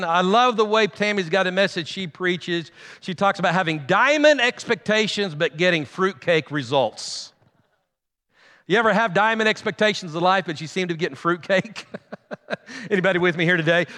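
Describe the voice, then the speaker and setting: Pastor, middle-aged man, bright voice, congregation call-outs, long church echo. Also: high-pitched. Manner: calls out to the congregation, humorous storytelling. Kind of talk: sermon. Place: large church sanctuary. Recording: long hall reverb.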